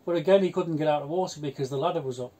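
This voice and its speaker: A man, telling blunt, chatty stories in a relaxed conversation. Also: fairly high pitch, rapid-fire. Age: 60s. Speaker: houseboat vlogger. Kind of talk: casual chat.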